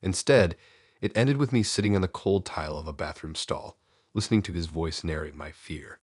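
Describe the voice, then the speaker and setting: A man narrating first-person horror stories in a slow, somber scripted read. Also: low voice, husky, no room sound, studio quality.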